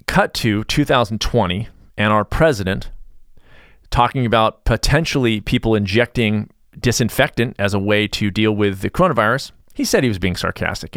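A man's voice: fairly low pitch, fairly bright tone, dry recording, studio quality. A middle-aged man hosting a podcast in a rambling, sarcastic, self-interrupting monologue. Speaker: podcast host.

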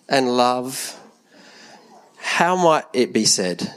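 Brief: thirties man, mid-pitched, easygoing children's talk in church, asks the kids questions. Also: lively intonation, a little slow. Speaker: church leader speaking to a congregation.

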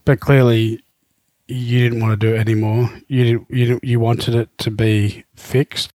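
A man hosting a podcast, speaking gently and earnestly to his guest and then closing the episode. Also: mid-range voice, level tone, a little slow, dry recording. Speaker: podcast host. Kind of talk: podcast interview and outro.

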